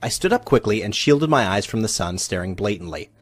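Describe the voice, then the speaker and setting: A man narrating a scripted first-person story as a relationship coach. He sounds animated and confiding, and his pitch moves a lot. Faint music plays behind him. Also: brisk.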